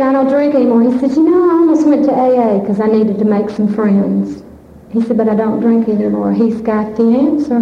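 Woman, forties, nervous heartfelt testimony, higher voice, muffled lo-fi sound. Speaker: speaker at a recovery fellowship meeting. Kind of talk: personal testimony speech. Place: large meeting hall. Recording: echoey hall, muffled lo-fi sound, faint hiss.

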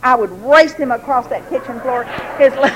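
A woman telling a personal story to a recovery group, lively and laughing, acting out the voices she quotes. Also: sits high, moderate pace, slight background noise, poor audio. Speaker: recovery meeting speaker.

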